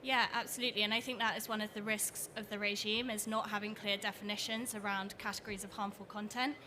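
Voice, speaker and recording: Flat-voiced woman on a noisy panel. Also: mid-range voice, fast. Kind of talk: conference panel discussion.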